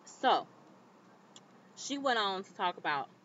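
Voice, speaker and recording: A woman vlogger recapping a TV episode in casual commentary, animated and indignant, talking straight to the viewer. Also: mid-range voice, slow. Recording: slightly dull lo-fi recording.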